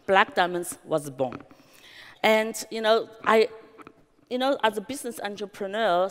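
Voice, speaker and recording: A woman with a Chinese accent tells her business story from a conference stage at a middling pitch. She keeps the anecdotes lively, acts out quotes and scatters "you know" throughout. Her voice rings with the long reverb of a big hall. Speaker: real estate agency founder giving a conference speech.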